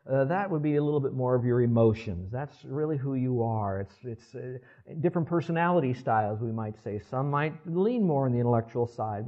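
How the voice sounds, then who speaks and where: A man's voice: medium pitch, dark tone. A man in his sixties, a pastor preaching a sermon and often asking the congregation to respond. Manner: conversational, asks the congregation for responses. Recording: dull lo-fi sermon recording.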